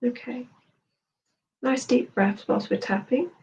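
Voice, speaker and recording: A woman therapist and coach leading a guided tapping session, speaking slowly and soothingly as she gives instructions. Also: fairly high pitch, darkish tone, distant mic, rough recording.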